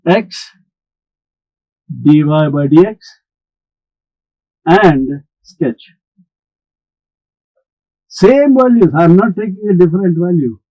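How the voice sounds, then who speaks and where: Male teacher, slightly high voice, unhurried, dry close recording. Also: lively intonation, mellow, no room sound, dull audio. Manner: slow, deliberate explaining, talks back to imagined students. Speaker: maths teacher. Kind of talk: recorded maths lesson.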